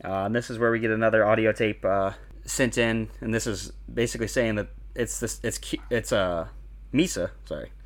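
Chill guy with a lowish voice walking through what happened, lots of uh and like. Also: fairly quick. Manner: relaxed, plot-summarizing with lots of fillers. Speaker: podcast co-host. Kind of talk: casual chat recapping an anime.

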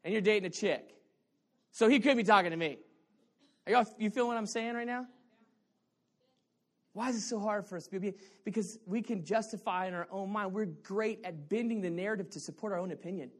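A male pastor preaching a sermon, playful and animated, dropping to quiet asides and then shouting his points while bantering with the congregation. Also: sits high, fairly quick.

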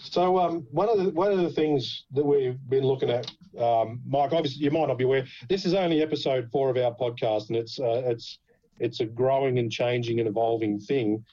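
Warm and brisk, with a mid-range voice, a podcast host with an Australian accent swaps casual stories, swearing freely and laughing throughout. The sound is dull.

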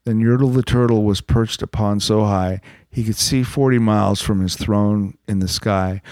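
A man's voice: lowish voice, moderate pace, hardly any pauses, no room sound. Playful man reading a bedtime story. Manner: playful, deadpan asides.

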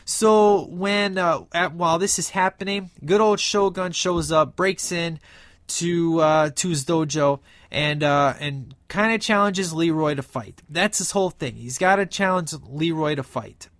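A man's voice: on the high side, a little slow, fairly bright tone, no room sound, studio quality. A man giving an enthusiastic, rambling recap of a movie, with lots of filler words. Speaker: film reviewer.

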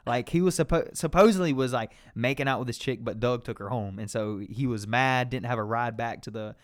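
A man's voice: mid-range voice, fairly quick, dry recording, clean studio sound. A man telling a story casually among friends, loose and profane, often laughing.

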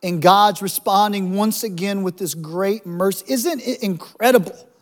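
High-voiced joking male preacher. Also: measured pace. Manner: humorous, conversational preaching with asides. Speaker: pastor. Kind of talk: sermon.

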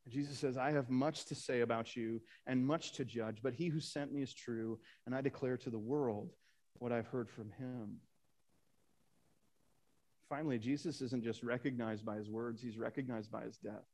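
A man's voice: mid-range voice, a little mellow. A man preaching a Sunday sermon, reading scripture aloud and asking the congregation rhetorical questions. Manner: reads scripture aloud, rising for emphasis. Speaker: pastor.

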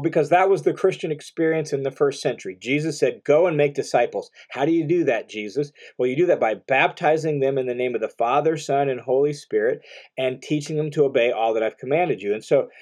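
A man's voice: mid-range voice, darkish tone. A man teaching verse by verse through a Bible passage, earnest and explanatory, repeating key points for emphasis.

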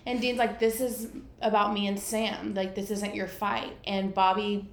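A woman's voice: mid-range voice, flat delivery, measured pace, roomy sound. A woman co-hosting a podcast, casually recounting a scene and quoting the characters. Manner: easygoing storytelling, quoting characters. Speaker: podcast co-host. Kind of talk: casual chat.

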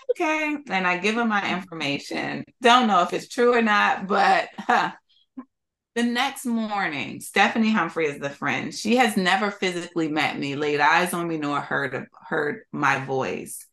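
A woman from Philadelphia, a podcast guest, telling her story in an interview in an animated, expressive way and laughing often. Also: fairly low pitch. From Philadelphia, USA.

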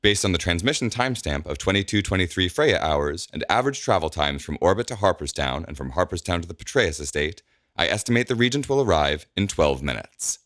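A man voicing a calm AI assistant that reports times in an even, precise way. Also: low voice, fairly quick, no echo, studio quality. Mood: matter-of-fact.

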